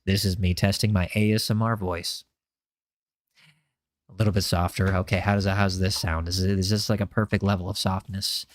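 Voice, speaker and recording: A man putting on a deep hushed ASMR voice. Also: flat delivery, no echo, natural voice. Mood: soothing. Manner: slow, low and soft, testing his softness. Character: deep hushed male ASMR host, slow and soothing. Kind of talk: whispered role-play.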